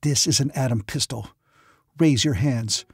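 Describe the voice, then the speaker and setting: A man's voice: medium pitch, measured pace, slightly rough, dry recording, clean studio sound. A man narrator voicing a young woman whose voice is choked with anger, in an audiobook. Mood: angry. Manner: choked, wrathful. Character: young woman, angry and desperate.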